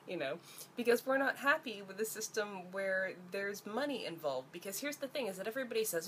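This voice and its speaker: A woman's voice: medium pitch, lively intonation, moderate pace, fairly bright tone, a little hiss or hum. A young woman from Ontario, Canada, ranting to camera in a blunt, profane vlog, her voice climbing as she gets exasperated. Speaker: vlogger.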